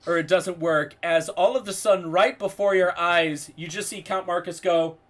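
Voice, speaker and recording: A man narrating a tabletop role-playing game as game master, describing scenes to his players. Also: high voice. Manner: slow, lively storytelling narration.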